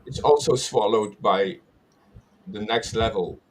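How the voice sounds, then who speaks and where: Slow, halting Dutch-accented man. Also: on the low side, animated, breathy edge. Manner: halting, searches for words. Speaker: guest devotee. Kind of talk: casual spiritual discussion.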